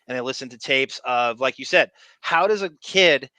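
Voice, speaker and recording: Middle-aged podcast host, faint Long Island accent, rambling and emphatic, bright tone. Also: male voice, mid-range voice, animated, normal speed, clear, resonant tone, no echo. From Long Island, New York. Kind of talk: casual chat.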